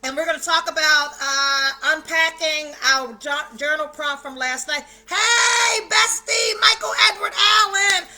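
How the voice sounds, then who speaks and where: Her voice sits high and bright, with a forceful edge. As host of a self-care challenge, she runs a livestream indoors at home, chatting in a relaxed way, calling out viewers by name with great excitement and swearing now and then.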